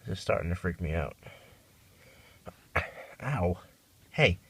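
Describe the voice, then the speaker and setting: A man filming his kitten at home, coaxing it in a high baby-talk voice and sounding worried. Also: animated, takes it slowly, gravelly, fairly bright tone, husky. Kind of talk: casual home video talk.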